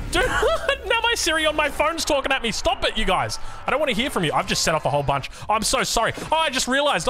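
A young Australian man casting a strategy game match, jokey and full of puns. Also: very high-pitched. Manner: jokey, punning, self-deprecating. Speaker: game caster. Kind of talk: live match commentary.

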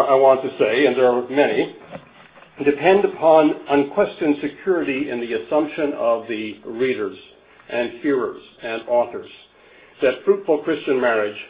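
An older man from Canada giving a conference lecture, a wry storyteller who chuckles at his own jokes and stumbles over restarts. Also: medium pitch. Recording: phone-like narrow band.

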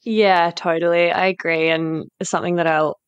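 Lower-voiced woman hosting, dry recording. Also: fairly even intonation, moderate pace, clear, resonant tone, dry recording, muffled recording. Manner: frank and emotional, swears freely, laughs often. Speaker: podcast host, sex coach. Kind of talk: casual podcast chat.

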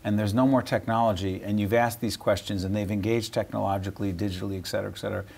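A man's voice: lowish voice, steady tone, fast, vocal fry, a little mellow, husky. A man hosting a TV studio interview who keeps interrupting with probing questions and plays devil's advocate. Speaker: TV interview host.

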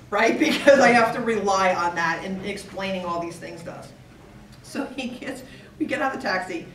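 A middle-aged woman giving a humorous storytelling speech at a speaking club, acting out the dialogue and dropping to a whisper for her son's lines. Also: medium pitch. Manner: acts out dialogue, drops to a whisper for her son. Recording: echoey room, distant mic, faint hiss.

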